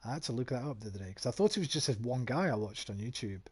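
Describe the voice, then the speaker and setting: A man's voice: mid-range voice, animated, rapid-fire, slightly rough. Chatty West Midlands man streaming a game. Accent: West Midlands English. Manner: chatty, rambling, swears freely. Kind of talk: casual gaming commentary.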